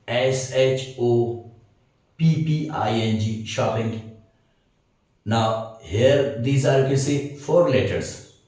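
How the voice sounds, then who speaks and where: A man's voice: medium pitch, a little mellow. A man teaching an English grammar lesson, hesitating often with fillers and checking that listeners understand. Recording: very echoey room, mic far off.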